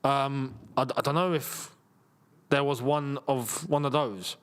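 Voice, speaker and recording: A young man hosting a live football watchalong, chatting casually and reacting loudly to chances on the pitch. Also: fairly even intonation, a little slow, smooth. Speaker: football channel host. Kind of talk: live match watchalong chat.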